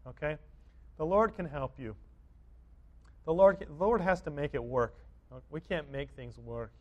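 Earnest preaching man, loud exhortations. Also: fairly high pitch. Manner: earnest, repetitive exhortation with frequent restarts; swings between quiet reflection and emphatic loud urging. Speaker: pastor. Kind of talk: sermon.

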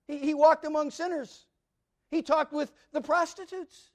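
A man preaching a sermon, emphatic and repetitive, swinging from loud declarations to hushed asides. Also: very high voice, steady tone, a little slow.

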